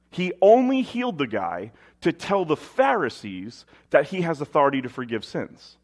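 A man delivering a sermon in a mid-pitched voice, moving between scripture readings and casual, conversational asides. He keeps asking his listeners rhetorical questions as he builds his point. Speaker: preacher.

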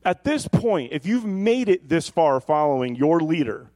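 A man preaching a sermon, telling jokey stories with sudden high-pitched yelps before turning quiet and earnest. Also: big pitch swings, a little slow. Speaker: pastor.

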